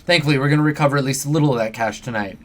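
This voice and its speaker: A man's voice: medium pitch, very fast, fairly bright tone, lightly acted. A man voicing an impatient, exasperated male fixer with a sarcastic manner. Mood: irritated. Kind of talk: reading game dialogue aloud.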